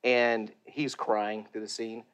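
A man's voice: on the low side, level tone, slow pace, a bit bright, clear, resonant tone. A middle-aged man, a voice actor, chatting animatedly in an interview and laughing often. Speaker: voice actor guest. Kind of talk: casual interview.

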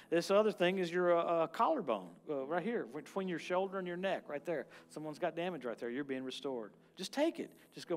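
A man preaching at a church service as a guest minister. His delivery is animated and charismatic, jumping from loud exclamations to quiet, murmured prayer. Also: fairly high pitch, a little fast, few pauses, soft background music.

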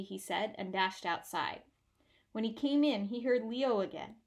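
A woman reading a children's picture book aloud with warm, expressive storytelling. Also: mid-range voice, measured pace. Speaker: storybook reader.

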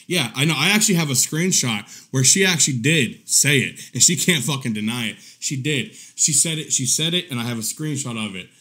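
Animated, foul-mouthed male streamer. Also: mid-range voice, a little fast, hardly any pauses. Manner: profane, repetitive, laughs often. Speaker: live-stream commentary host. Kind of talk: casual rambling stream talk.

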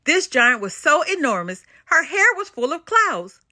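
An older woman reads a children's storybook aloud, full of expression. Her voice is bright and lively, a bit high for a woman, and recorded close and dry. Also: unhurried, no room sound. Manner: expressive and animated. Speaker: storybook reader. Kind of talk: children's read-aloud narration.

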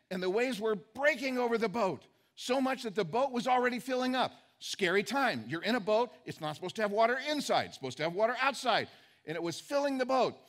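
Man, high-pitched, preaching, reads scripture then explains, conversational emphasis. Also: a bit bright. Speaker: pastor. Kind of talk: sermon.

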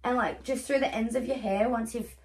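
A woman's voice: on the high side, fairly even intonation, brisk, a little mellow. A young woman chatting casually in a haul vlog, gushing and swearing freely as she shows off her gifts. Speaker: vlogger.

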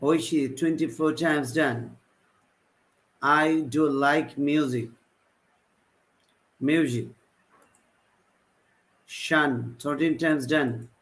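Man, teacher on a live class, slow and halting, fairly high voice, repeats examples. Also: steady tone, a bit bright, poor audio. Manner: repetitive example sentences, halting delivery. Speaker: English teacher. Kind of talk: live online typing class.

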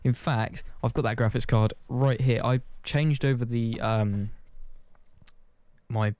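A man's voice: medium pitch, steady tone, takes it slowly, darkish tone, dry recording. A man chatting casually to his channel's viewers, rambling and self-deprecating, swearing offhand. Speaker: gaming channel host. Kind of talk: casual chat to camera.

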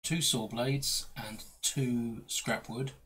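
A man's voice: medium pitch, fairly even intonation, takes it slowly, a bit bright, a little hiss or hum, low-quality recording. A man playing a board game with friends, chatting casually and jokingly narrating his own moves. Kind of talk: casual play chat.

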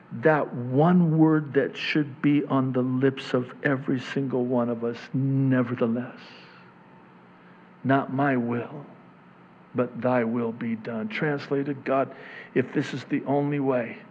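A man preaching a sermon as a pastor, swinging from hushed near-whispers to loud, impassioned preaching. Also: medium pitch, dull audio, a little hiss or hum.

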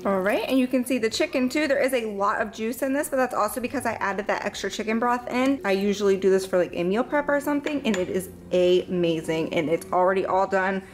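A woman's voice: mid-range voice, a little fast, few pauses, faint music behind. A woman talking viewers through a recipe step by step in her home kitchen, in a casual, chatty way. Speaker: cooking vlogger. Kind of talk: casual cook-along narration.

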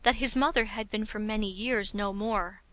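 Bright-voiced woman reading an audiobook. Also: mid-range voice, fairly even intonation, normal speed, no echo. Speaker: audiobook narrator. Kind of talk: scripted audiobook narration.

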